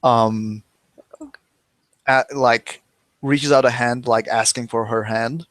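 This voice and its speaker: A man's voice: medium pitch, steady tone, slow pace, a bit bright, dry recording. A man playing a tabletop role-playing game, hesitantly describing what his character does. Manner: hesitant, many ums. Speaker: player.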